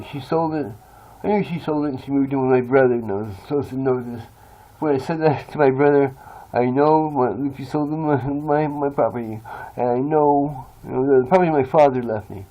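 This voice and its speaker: A man's voice: medium pitch, mellow, highs cut off. A man talking in a rambling, confessional monologue, blunt and swearing freely. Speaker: vlogger.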